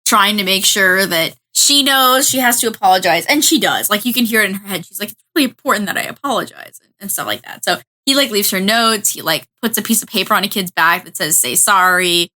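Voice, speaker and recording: A woman co-hosting a casual anime podcast, eagerly retelling scenes with many "like"s and quick restarts. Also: medium pitch. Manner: lively storytelling with repeated "like" and restarts. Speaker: podcast co-host. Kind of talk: casual anime recap chat.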